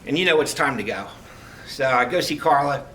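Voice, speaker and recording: A middle-aged man giving a heartfelt farewell speech as a retiring police lieutenant, telling stories with halting restarts. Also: medium pitch, animated, sharp tone. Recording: distant mic, faint background noise.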